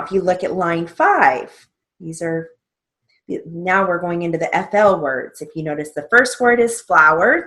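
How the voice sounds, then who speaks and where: A woman teaching steno theory in a patient way, spelling out words letter by letter. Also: lowish voice. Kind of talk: slow spelled-out instruction.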